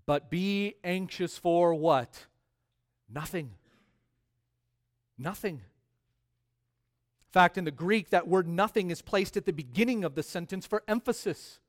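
Man, pastor, sermon, high voice, emphatic, repeats key words. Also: takes it slowly, long pauses. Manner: emphatic preaching, repeats key words, swings between soft drops and loud rises.

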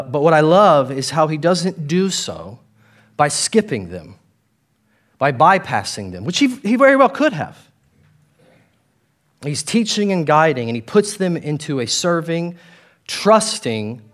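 A man's voice: a little high, fairly bright tone. Conversational male pastor preaching. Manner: conversational, voices the disciples in quick asides. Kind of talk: sermon.

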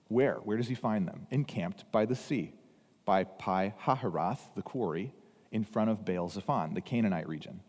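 A man's voice: on the low side, mellow. A man preaching a sermon as pastor, talking casually and briefly acting out panicked voices from the story. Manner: conversational, acts out voices of the crowd. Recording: long hall reverb.

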